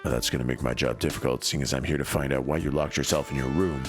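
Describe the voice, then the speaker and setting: A man voicing a dry, deadpan detective cat with a lowered voice. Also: fast talker, over music.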